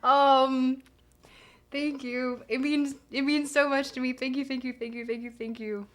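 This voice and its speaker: A woman's voice: high voice, little pitch movement, moderate pace. A young woman streaming live, chatting casually, bubbly and giggly as she gushes thanks to her viewers. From Canada.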